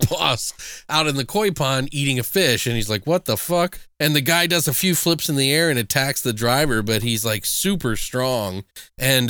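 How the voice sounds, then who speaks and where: Retelling a film plot on his podcast, this male film reviewer keeps the chat casual, animated and full of profanity. He has a smooth, mid-range voice, captured in a dry, clean studio recording.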